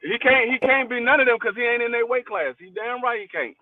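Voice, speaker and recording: A man's voice: very high-pitched, expressive, brisk, phone-quality sound, slight background noise. A man co-hosting a casual boxing podcast, joking and often stammering and restarting. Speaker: podcast co-host.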